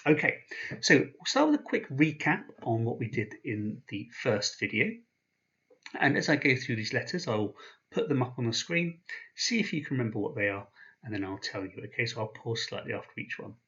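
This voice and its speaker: A man teaching a language lesson, patient and slow, pausing after each sound he spells out. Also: medium pitch, big pitch swings, a bit bright, highs cut off. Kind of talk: explaining slowly, with pauses.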